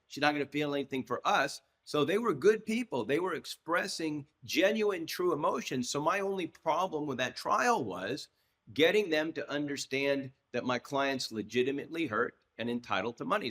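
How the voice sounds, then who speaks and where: A man's voice: on the high side, moderate pace. Man in his sixties telling a courtroom story. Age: 60s. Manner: lively storyteller who acts out quoted dialogue, with frequent restarts. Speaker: trial lawyer, podcast guest. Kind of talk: anecdotal storytelling in a podcast interview.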